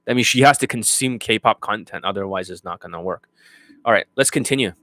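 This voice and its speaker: A man's voice: fairly low pitch, brisk, sharp tone, no room sound. Blunt, profane male dating coach. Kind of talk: unscripted monologue to students.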